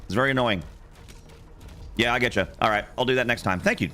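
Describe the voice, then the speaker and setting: A man in his forties chatting casually with his chat room while streaming a game, joking crudely and shouting out in excitement. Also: mid-range voice, fast, a little hiss or hum. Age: 40s.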